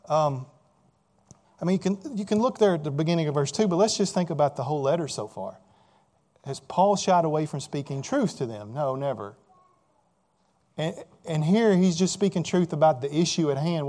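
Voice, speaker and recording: A man delivers a sermon with a slightly high-pitched voice. He talks conversationally, stumbling over and repeating words as he goes, and keeps asking his listeners whether they understand. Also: darkish tone. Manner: conversational preaching with rhetorical questions and repeated words. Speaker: pastor.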